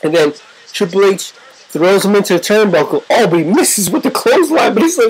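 A woman giving excitable, profane, joking play-by-play commentary over a wrestling video game. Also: medium pitch, brisk, rough recording.

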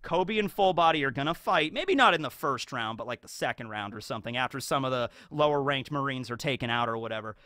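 A man's voice: mid-range voice, fast, hardly any pauses, no echo. A man giving casual, rambling fan commentary as a YouTube commentator, full of fillers. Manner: rambling, filler-heavy, animated.

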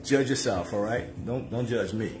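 A man hosting a casual cooking livestream from his home kitchen, joking and chatting with viewers. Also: fairly low pitch. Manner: joking, chatty, playful, drawn-out asides to viewers. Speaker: cooking show host. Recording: echoey kitchen with music behind.

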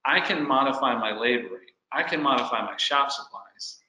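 Mid-pitched man with a bright tone, talking through shop questions in a roomy echo. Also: animated, normal speed. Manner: asks practical what-if questions from a shop owner's view. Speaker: webinar co-host. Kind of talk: business webinar discussion.

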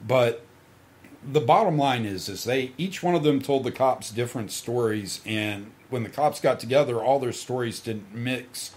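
A man's voice: medium pitch, normal speed, darkish tone. A middle-aged man telling crude, swaggering stories in casual podcast talk, acting out the quotes and laughing along. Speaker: podcast guest storyteller.

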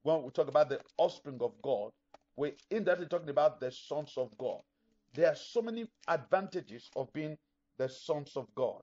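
A man's voice: on the high side, expressive, moderate pace, warm tone. A middle-aged man preaching a sermon as pastor, emphatic, acting out imagined listeners. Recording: dull lo-fi recording.

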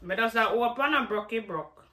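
Bright-voiced Jamaican woman vlogging. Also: on the high side, moderate pace. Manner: chatty, loose patois-laced rambling. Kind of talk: casual vlog chat.

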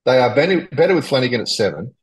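Husky-voiced man giving blunt footy opinions. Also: medium pitch, big pitch swings, rapid-fire, poor audio. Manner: blunt, opinionated, calls people mate. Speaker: podcast co-host. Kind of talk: casual sports chat. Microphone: video call.

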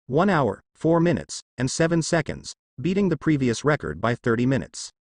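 A smug, brisk young woman teaching a ninja team, read out by a man. Pitch swings widely, and the sound is dry and close. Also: sing-song, no room sound.

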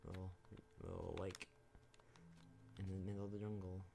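Young guy rambling and cussing over his game, lowish voice, bit of hiss and keyboard clicks. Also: flat delivery, moderate pace, vocal fry. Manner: rambling, swears freely, talks to game characters. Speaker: gaming YouTuber. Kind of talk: casual gameplay commentary.

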